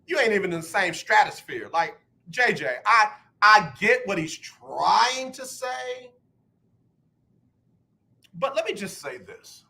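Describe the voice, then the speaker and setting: A man's voice: high-pitched, very animated, slow pace, gravelly, long pauses, pushed and bright. A man in his sixties hosting a sports talk radio show, speaking emphatically and repeating words when fired up. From United States.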